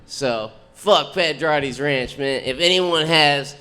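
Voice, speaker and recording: A brash young-sounding man working a comedy club stage, delivering profane, rambling stories. His voice sits a bit high and comes across bright and forceful. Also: slow pace, smooth. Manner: profane, brash storytelling with crude punchlines. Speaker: stand-up comedian. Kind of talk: stand-up set.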